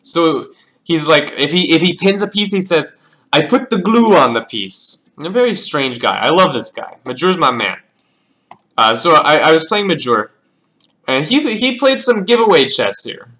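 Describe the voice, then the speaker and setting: A man's voice: fairly high pitch, animated, normal speed, bright, forceful tone. A man casually reviewing his own chess games, thinking aloud as he calls out the moves and often repeating words. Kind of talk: casual game analysis.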